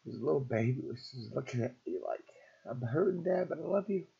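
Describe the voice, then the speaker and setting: A middle-aged man telling an emotional personal story in a halting, repetitive, raw way. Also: medium pitch, animated, creaky, warm tone, slightly rough. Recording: dull lo-fi recording.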